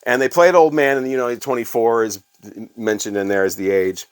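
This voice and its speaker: He has a mid-range, expressive voice with a clear, resonant tone, speaking at normal speed. A middle-aged former radio worker and record collector from Illinois, USA, he tells casual, wandering vlog stories with frequent fillers.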